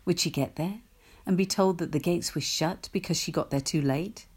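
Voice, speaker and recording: A woman narrates an audiobook with a wry, measured delivery. Her voice sits a little low, and she takes her time over each sentence. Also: darkish tone, husky. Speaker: reader.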